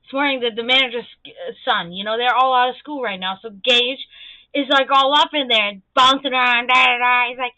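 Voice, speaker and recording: Animated young woman chatting on a livestream. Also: high-pitched, brisk, no room sound, low-quality recording. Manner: animated, swears freely, acts out quoted voices. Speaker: livestream host. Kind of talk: casual livestream chat.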